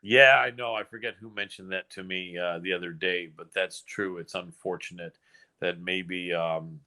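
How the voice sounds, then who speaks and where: An American man hosting a casual podcast chat, chatty and quick to laugh. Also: low voice. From United States. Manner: chatty, laughs often, excitable. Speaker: host.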